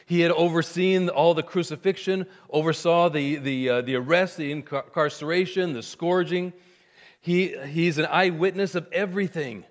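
A man preaching a sermon, swinging from hushed, intimate lines to loud, emphatic cries. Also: on the high side, fairly even intonation, moderate pace. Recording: long hall reverb.

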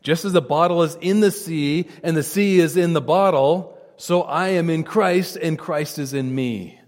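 A man delivers a sermon with earnest conviction, dropping his voice low and soft at solemn moments. His voice sits a little high for a man. It rings out with a long reverb, as in a large hall. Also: measured pace. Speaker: preacher.

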